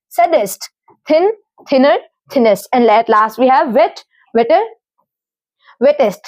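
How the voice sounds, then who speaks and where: A woman with an Indian English accent and a high voice teaches grammar in a steady, patient way. She spells out letters and reads through lists of word forms one by one. The sound is close and dry, with no room around it. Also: no echo. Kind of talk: explaining grammar rules.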